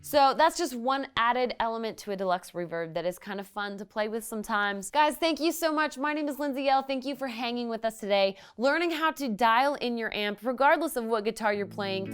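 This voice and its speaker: A woman giving a relaxed, friendly guitar lesson as a guest instructor, explaining amp settings step by step. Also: on the high side, a little fast, hardly any pauses, smooth. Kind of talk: casual guitar lesson demo. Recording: loud guitar music between lines.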